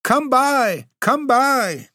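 A man voicing a band of sly goblin men calling out their fruit in shrill, repeated cries, read as a storybook poem. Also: big pitch swings, drawn-out words, pushed and bright, no echo, studio quality, full character voice.

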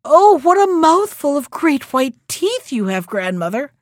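Innocent curious small girl, voiced by a woman reader; bright, eager, dry close sound. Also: high-pitched, big pitch swings, measured pace, no echo, voice pushed up. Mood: wondering. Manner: bright, wide-eyed, eager. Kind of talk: storybook reading.

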